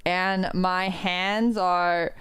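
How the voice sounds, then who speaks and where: A woman's voice: on the low side, very slow, clean tone, no echo. A woman streamer chatting casually and reading a visual novel aloud, telling stories with lots of giggles. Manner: giggly, animated storyteller.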